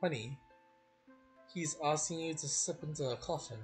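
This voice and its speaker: A man's voice: fairly high pitch, normal speed, soft background music. A young man giving sarcastic, swearing commentary while playing a game. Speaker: gaming streamer. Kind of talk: let's play commentary.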